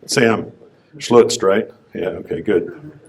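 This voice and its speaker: A man, a business owner, giving a conversational personal testimony talk on a conference stage, clearing his throat now and then. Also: sits low, slow pace.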